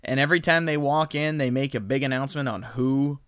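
A man's voice: medium pitch, brisk, fairly bright tone, clear, resonant tone, no room sound, studio quality. A man co-hosting a podcast in casual chat, recapping plot in rambling, self-correcting bursts. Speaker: podcast co-host.

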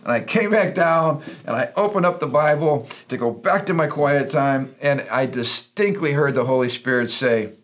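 A man's voice: fairly high pitch, normal speed, hardly any pauses, a bit bright. A middle-aged man, a pastor and podcast co-host, talking in an earnest, preachy storytelling way. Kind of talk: casual Christian podcast talk.

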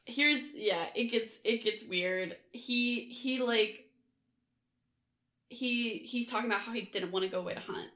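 A woman's voice: fairly high pitch, measured pace, bright, forceful tone. A woman co-hosting a casual chat recap, sarcastic, swearing freely and laughing often.

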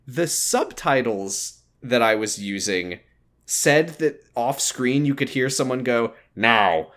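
Joking podcast co-host, average pitch. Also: male voice, takes it slowly, a bit bright. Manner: joking, retells scenes in detail. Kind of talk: casual chat.

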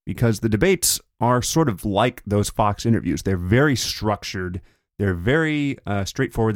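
A man's voice: lowish voice, no echo, clean studio sound. A man hosting a podcast, talking through political commentary in a casual, conversational way. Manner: conversational, paraphrasing others in quick put-on quotes. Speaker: podcast host.

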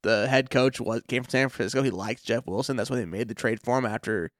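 A man co-hosting a fantasy football podcast, relaxed and agreeable, full of fillers like "I mean" and "like". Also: mid-range voice, fast talker, dry recording, studio quality. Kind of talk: casual sports chat.

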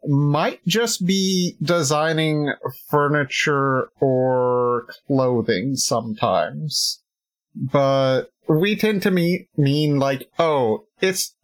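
Slow, halting podcast host, she or he. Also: low voice. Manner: slow, halting, many fillers and restarts. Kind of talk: casual podcast chat.

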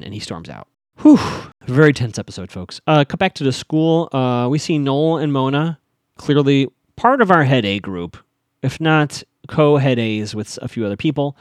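Animated man recapping a TV episode. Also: mid-range voice, no room sound, clean studio sound. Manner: animated, acts out characters' lines in quick voices.

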